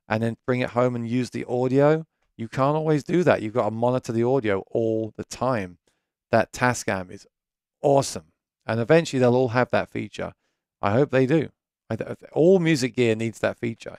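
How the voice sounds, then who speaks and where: This gear channel host, a British man, runs a live chat stream from his home studio in a creaky, darkish voice of medium pitch. The sound is smooth and echo-free, and he speaks at normal speed, rambling and chatty, often stopping to rephrase himself.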